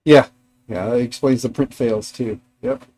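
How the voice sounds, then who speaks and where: A man's voice: medium pitch, a little slow, dark tone. A middle-aged man hosting a casual livestream from his garage workshop, rambling chattily and talking to his dogs and viewers. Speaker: livestream host.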